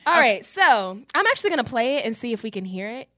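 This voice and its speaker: A woman co-hosting a podcast, telling stories in an animated, profane way. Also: on the high side, brisk, no echo, studio quality. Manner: animated, profane storytelling with acted-out quotes. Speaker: podcast co-host. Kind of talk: casual chat.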